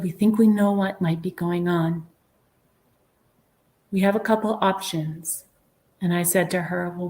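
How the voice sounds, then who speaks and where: A woman's voice: lowish voice, a little mellow. A woman guest on a podcast, telling a personal story in an earnest, reflective way, sometimes dropping to a whisper. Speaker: guest medium sharing a near-death experience. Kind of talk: storytelling in an interview.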